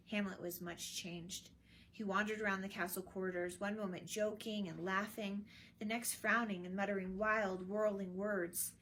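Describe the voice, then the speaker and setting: A woman narrating a children's storybook version of a classic play in an expressive, clear way. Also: mid-range voice, slight background noise.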